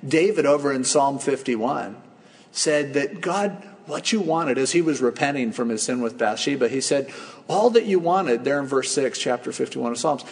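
Gravelly man preaching in an echoing hall. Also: medium pitch, lively intonation, normal speed. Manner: conversational storytelling with acted-out quotes. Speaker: pastor. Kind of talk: sermon.

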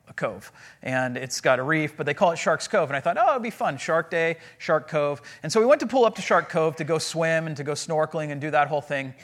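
Pastor, male, high-pitched voice, animated and conversational storytelling sermon.

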